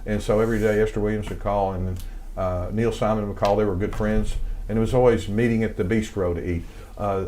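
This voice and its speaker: A man's voice: fairly low pitch, steady tone, fairly quick, warm tone, a little hiss or hum. An older man with a Southern accent, rambling through stories as an interview guest with many fillers. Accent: American Southern. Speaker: guest, music composer. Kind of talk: casual interview storytelling.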